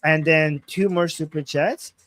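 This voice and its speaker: A man's voice: fairly high pitch, fairly even intonation, measured pace, fairly bright tone, no echo. A man co-hosting a live political stream, weighing ideas carefully and reading viewer messages aloud. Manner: thoughtful, hedging, reads messages aloud. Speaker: co-host reading viewer super chats.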